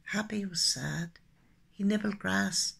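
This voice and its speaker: A woman telling children's stories expressively, dropping into soft hushed asides. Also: mid-range voice, takes it slowly, creaky, slightly rough. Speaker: storyteller and poet. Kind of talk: children's storytelling.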